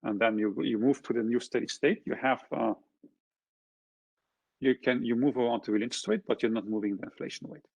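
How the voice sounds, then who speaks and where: Husky-voiced man lecturing on graphs. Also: mid-range voice, a little fast, darkish tone, no echo. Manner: checks in with frequent tag questions; points through a figure step by step. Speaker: economist presenting a seminar. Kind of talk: academic lecture explaining graphs.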